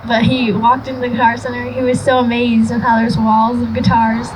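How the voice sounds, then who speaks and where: Young woman rambling in a flat voice. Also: fairly high pitch, moderate pace, hardly any pauses, background noise. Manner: rambling, many fillers, laughing softly. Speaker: granddaughter giving a eulogy. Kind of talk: memorial speech, personal story.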